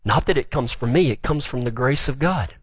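A male preacher giving a sermon, retelling scripture with animated storytelling, then dropping to a quiet, earnest appeal. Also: medium pitch, brisk, husky, dry recording. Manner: animated storytelling, acts out the quoted speakers.

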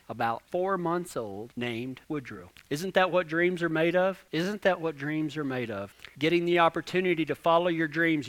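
Bright-voiced young preacher. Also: male voice, a little high. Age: 20s. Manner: animated, repetitive, folksy. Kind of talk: storytelling sermon.

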